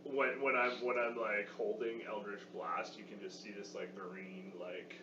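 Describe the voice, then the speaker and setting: A man's voice: fairly low pitch, level tone, measured pace. A man playing a tabletop game, describing his actions in a rambling, casual way with many fillers. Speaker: player. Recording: echoey room, far mic, dull sound, noise.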